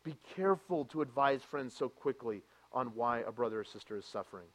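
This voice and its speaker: A man preaching a sermon as a pastor, reading scripture aloud and moving from quiet reflection to loud, impassioned preaching. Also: mid-range voice, lively intonation, a little fast. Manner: reads scripture aloud with emphasis.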